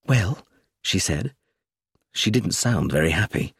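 A man reading a first-person story aloud in an expressive, lilting narrator's manner at a close mic. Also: lowish voice, moderate pace, slightly rough, no room sound. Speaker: audiobook narrator.

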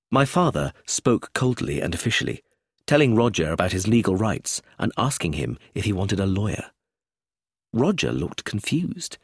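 Male audiobook narrator, husky lowish voice, lively intonation, dry close recording. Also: moderate pace, no echo. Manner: first-person storytelling, expressive.

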